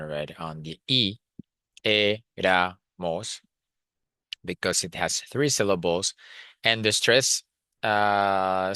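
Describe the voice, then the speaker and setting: Male language teacher, deep crisp voice, dry close sound, explains with many fillers. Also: a bit bright, no room sound. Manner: thinks aloud with frequent fillers and restarts, switches between Spanish and English. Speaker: Spanish teacher. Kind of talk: explanatory lesson, reading notes and translating.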